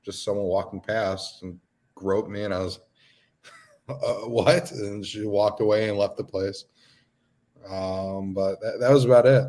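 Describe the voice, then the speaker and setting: A man's voice: on the low side, flat delivery, unhurried, pauses often, mellow. A man appearing as a guest on a podcast, making dry, joking asides in casual conversation. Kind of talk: casual chat.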